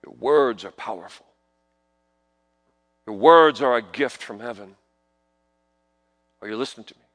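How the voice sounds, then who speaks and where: A middle-aged man preaching a sermon, swinging from hushed asides to loud proclamations and asking the congregation questions. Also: medium pitch, a little slow. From New York. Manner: peppers talk with rhetorical questions to the congregation.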